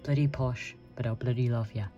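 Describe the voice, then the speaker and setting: A woman's voice: extremely low pitch, steady tone, a little fast, dark tone. A man voicing a brash, foul-mouthed mother who talks bluntly, in a dull lo-fi recording with faint music behind. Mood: bossy. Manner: blunt, swearing.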